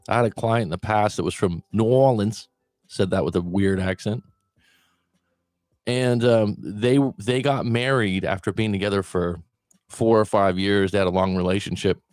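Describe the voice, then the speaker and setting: A breakup coach speaks straight to the listener in a conversational way, asking them questions as he gives direct-to-camera advice. His voice is mid-range, and the recording is clean studio sound with no echo.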